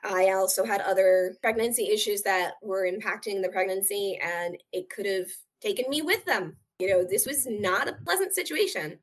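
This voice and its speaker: A woman's voice: medium pitch, moderate pace, hardly any pauses. A woman telling a painful personal story as an interview guest, earnest and open, often acting out what others said. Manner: earnest, acts out quoted voices.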